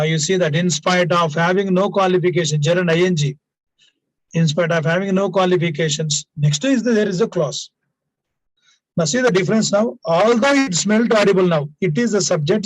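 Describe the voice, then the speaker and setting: A man with a high-pitched voice teaches an English grammar lesson. He explains each rule through example sentences and repeats the key points for emphasis. His speech is sprinkled with "now" and "please," and it is recorded dry and close, with no room sound. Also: no room sound, poor audio.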